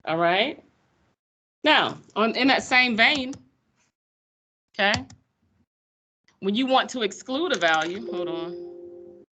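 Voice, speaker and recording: A woman teaching math in a classroom, lively and folksy, teasing her students as she explains. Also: medium pitch, takes it slowly, pauses often, slight background noise. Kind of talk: classroom lecture.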